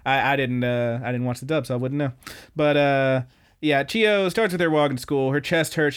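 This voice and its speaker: A young male podcast co-host casually recaps anime episodes in a mid-range, clean-toned voice at normal speed. He's laid-back, rambling and profane, slipping into animated voices when quoting characters.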